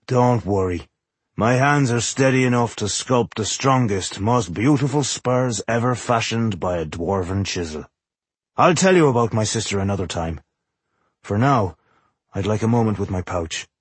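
A man voicing a sad, resigned dwarf mason in an audiobook, speaking low and quiet. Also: animated, moderate pace, husky, dry recording.

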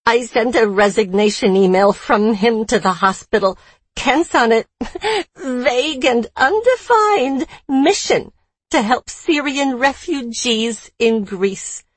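A woman reading a story aloud and voicing a boastful, unhinged female murderer with a grating Boston accent and a loud, mocking delivery. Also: medium pitch, expressive, a little slow, husky, dry recording. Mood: manic.

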